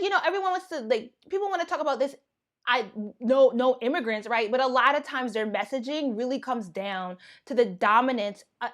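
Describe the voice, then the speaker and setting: A young American woman giving casual livestream commentary, thinking out loud with lots of fillers and restarts. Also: fairly high pitch. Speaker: YouTube commentator.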